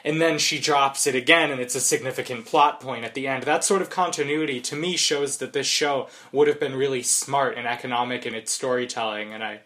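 Male podcast guest, mid pitch, keen and a bit tongue-tied. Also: fairly even intonation, fairly quick, few pauses, pushed and bright. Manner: eager, stumbles over words. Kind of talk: casual podcast chat.

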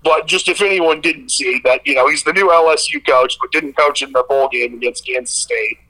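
Bright-voiced man on a sports podcast. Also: fairly high pitch, brisk, gravelly, low-quality recording. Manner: rambling, animated storytelling with many fillers. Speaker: podcast co-host. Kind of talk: casual sports chat.

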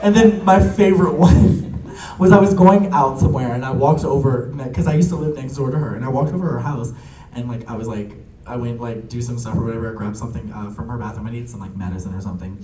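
A young man telling family stories in casual chat, animated and laughing often, with lots of fillers. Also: medium pitch, fast talker, a little hiss or hum. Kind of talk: casual storytelling. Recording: echoey room, a bit far from the mic.

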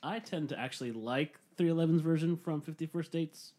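A man's voice: a little high, brisk, warm tone. A man co-hosting a casual podcast, joking around, laughing often and swearing now and then. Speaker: podcast host. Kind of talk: casual chat.

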